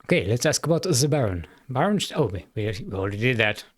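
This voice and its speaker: A man's voice: mid-range voice, very animated, fast. Man rambling through casual gameplay commentary. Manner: rambling, self-correcting, laughs easily. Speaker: game streamer.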